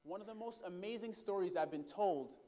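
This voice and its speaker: A man's voice: sits high, brisk, dark tone. A man preaching a sermon who tells a story, calls out to the congregation as brothers and sisters, and asks them for responses.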